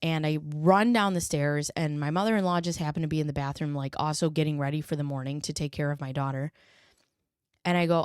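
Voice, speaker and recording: A woman's voice: deep voice, fairly even intonation, fairly quick, smooth, no room sound, studio quality. A young woman hosting a podcast, telling a story casually with fillers and swearing, acting out quoted lines in a raised voice. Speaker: podcast host.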